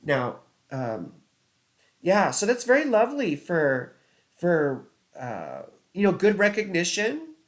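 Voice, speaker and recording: A man's voice: sits high, huge pitch swings, slow pace. A man hosting a casual live-stream of astrology chart readings, chatty and rambling, filling his talk with "you know" and "right". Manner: reads viewer comments aloud and laughs at own slips. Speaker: astrologer host.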